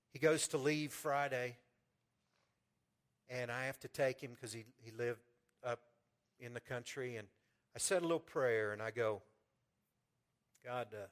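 A man preaching a sermon in a folksy way, repeating words and swinging from loud fervent peaks to quiet storytelling. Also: mid-range voice. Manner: preaching with rising fervor, then soft storytelling. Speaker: pastor.

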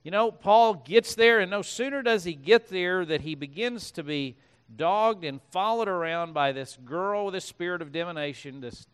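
A man's voice: sits high, fairly bright tone, clear, resonant tone. A man preaching a sermon as pastor, reading scripture aloud and breaking off into conversational asides.

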